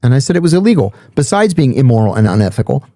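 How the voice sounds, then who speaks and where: A middle-aged man, a podcast guest, telling a story in a blunt, animated way with some swearing. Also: medium pitch, very fast, no echo, studio quality. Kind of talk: storytelling in casual chat.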